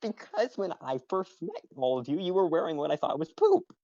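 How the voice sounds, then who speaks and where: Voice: mid-range voice, huge pitch swings, fairly quick, dark tone, no echo, highs cut off. A performer voicing a naive young man who lived underground, talking in an indignant, innocent way. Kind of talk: role-play stream.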